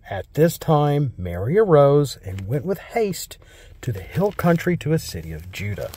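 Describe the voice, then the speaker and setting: An American man reading Bible verses slowly and solemnly, then explaining them in a casual, rambling way. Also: medium pitch, darkish tone, husky, dry recording. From United States. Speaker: Bible teacher.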